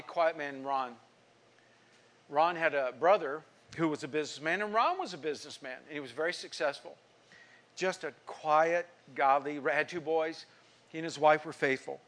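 A middle-aged male pastor preaching a sermon, telling a story and acting out the people in it, swinging from emphatic lines to hushed ones. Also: on the high side. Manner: storytelling, acting out quoted speech; emphatic preaching with sudden drops to quiet.

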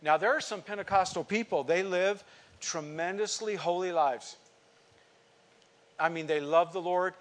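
A man preaching a sermon to his congregation, telling a personal story and swinging from quiet asides to emphatic outbursts. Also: fairly high pitch. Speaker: pastor.

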